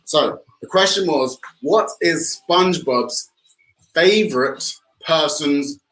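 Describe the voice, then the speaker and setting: A man's voice: a little high, takes it slowly, a bit bright. A man co-hosting an online art class, playfully running a quiz and cheering on viewers. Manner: playful, enthusiastic, addresses viewers. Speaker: co-host, quiz presenter. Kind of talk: upbeat online class banter. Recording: roomy echo.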